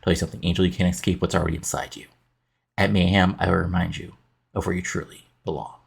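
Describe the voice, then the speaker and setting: A man voicing a possessive cult-leader wrestler with a low, rough, husky voice. He reads each threat flatly, like a line from a script, as the story scenes in a wrestling game are recapped. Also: fast, full character voice. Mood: menacing.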